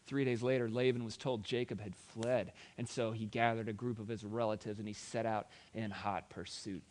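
Male preacher, mid-pitched voice, storytelling sermon, dramatic, conversational asides.

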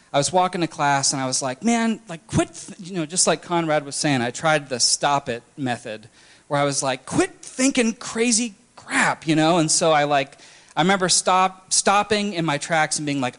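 A young man telling his personal story candidly, halting often with restarts and fillers. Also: on the high side, fairly bright tone. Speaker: testimony speaker. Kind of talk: personal testimony talk.

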